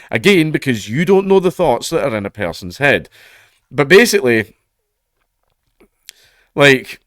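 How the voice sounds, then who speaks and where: A man's voice: mid-range voice, sing-song, moderate pace, fairly bright tone, no room sound, clean studio sound. A Scottish man reading out news stories and adding sarcastic, profane remarks with laughing asides. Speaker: commentator.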